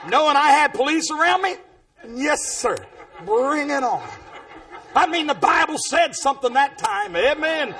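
Booming preacher man, real high voice, lively and all over the place, amen every other line. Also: measured pace, some chatter behind. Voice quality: big booming voice. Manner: animated, punctuates with "amen", breaks into shouts. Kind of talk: storytelling sermon.

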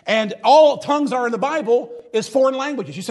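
A man delivers a folksy, mocking sermon. His voice sits high for a man and has a husky edge to it. He preaches with swells of intensity, then drops back down. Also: a little fast, darkish tone.

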